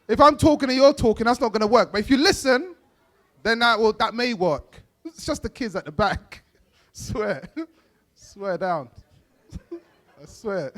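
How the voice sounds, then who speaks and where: A man's voice: very high voice, a bit bright. A young man doing stand-up at an awards event, playfully teasing the kids in the audience in street slang. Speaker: stand-up comedian.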